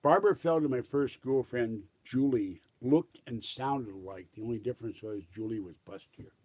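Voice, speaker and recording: An older man with a husky, breathy voice rambles through a casual solo monologue. He drifts from memory to memory and lets his sentences trail off into quiet mumbles. His pitch sits in an ordinary middle range. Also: normal speed.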